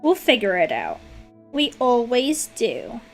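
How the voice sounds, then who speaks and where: A woman with a British accent and a high, bright voice chats her way through a live drawing stream. She teases, swears freely and breaks into giggles, and faint music plays underneath. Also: huge pitch swings, slow. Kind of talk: casual live-stream chat.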